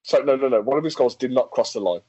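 A man's voice: mid-range voice, quick pace, dry recording, poor audio. Guy chatting on a podcast, dry close sound, lots of restarts. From England. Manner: animated, reads facts aloud, frequent restarts and laughs. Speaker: podcast co-host. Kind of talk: casual chat.

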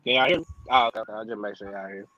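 A man from Memphis co-hosting a casual sports podcast over a remote call, quick and emphatic, tossing in "bro" a lot. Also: on the low side, fairly even intonation, sharp tone, no room sound, dull audio. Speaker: podcast co-host.

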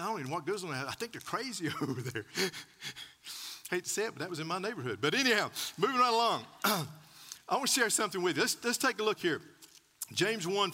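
A man's voice: sits high, pushed and bright. A man preaching a sermon as pastor, telling folksy stories with repeated words and chuckles. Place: church sanctuary. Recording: church hall with long reverb.

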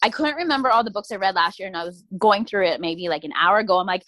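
A young woman co-hosting a casual book chat, animated and quick to act out what people said. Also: medium pitch, no echo. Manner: animated, acts out quoted lines, laughs often. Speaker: podcast co-host. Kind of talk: casual chat about books.

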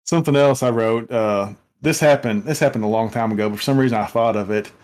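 A man's voice: medium pitch, darkish tone. A man co-hosting a podcast, telling rambling stories in casual chat with lots of restarts. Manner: rambling, halting storyteller. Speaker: podcast co-host.

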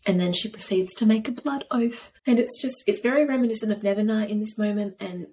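A woman co-hosting a casual book podcast who reads passages softly, sometimes dropping to a whisper. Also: mid-range voice, brisk, poor audio. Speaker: podcast co-host. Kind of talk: casual book chat with read-aloud passages.

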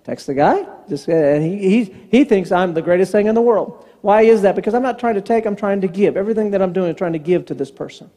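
A man preaches with a notably high voice, acting out conversations as he tells his stories. His voice rings out into a church sanctuary with a long reverb behind it. He is plainly a pastor working the room. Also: quick pace, hardly any pauses. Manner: storytelling preacher acting out dialogue, animated. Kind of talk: sermon.

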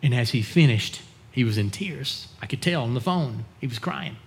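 A man's voice: lively intonation, moderate pace, creaky. A man preaching as a pastor, telling a story in an earnest manner and acting out the people he quotes. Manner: earnest, acts out quoted dialogue in a lowered voice. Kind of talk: sermon storytelling.

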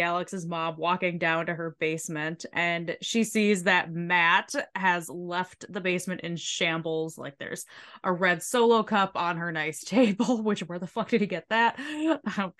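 Bright-voiced woman recapping with profanity. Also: on the low side, measured pace. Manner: animated, profane storytelling with acted-out quotes. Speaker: podcast co-host recapping a reality show. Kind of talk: casual chat.

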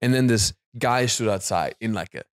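A man, co-hosting a podcast, telling stories in a lively way with frequent restarts and laughs. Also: fairly low pitch, moderate pace, no room sound, clean studio sound. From Germany. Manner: animated storyteller, stammers and restarts, laughs often. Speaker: podcast co-host. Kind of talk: casual chat.

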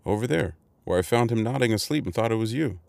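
A man's voice: fairly low pitch, expressive, fast, vocal fry, a little mellow, dry recording, pitched above the performer's own voice. A man putting on a timid young boy.

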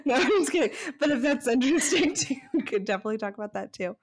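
A woman's voice: high voice, animated, rapid-fire. A woman co-hosting a podcast in casual chat, chatty and saying "like" often. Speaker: podcast co-host.

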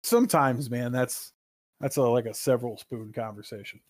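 A man's voice: medium pitch, moderate pace, darkish tone. A man hosting a casual gaming podcast, rambling and joking and swearing freely. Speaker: podcast host.

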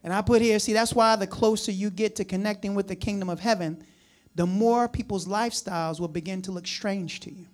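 A man's voice: high-pitched, fairly even intonation, fairly quick. A man from the New Jersey or New York area preaching a conversational sermon, folksy and chatty with frequent asides and chuckles. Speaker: pastor.

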